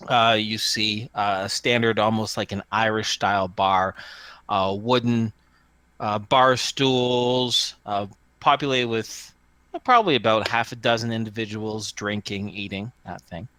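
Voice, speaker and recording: A man's voice: mid-range voice, bright, forceful tone, dry recording. A man narrating as game master of a tabletop role-playing game, describing scenes with many fillers and restarts.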